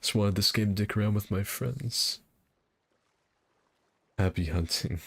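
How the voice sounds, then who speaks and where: Gaming streamer, male, very deep with vocal fry, loose self-deprecating banter. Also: unhurried, a bit bright. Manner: rambling, self-deprecating chatter. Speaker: game streamer. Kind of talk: casual gameplay commentary.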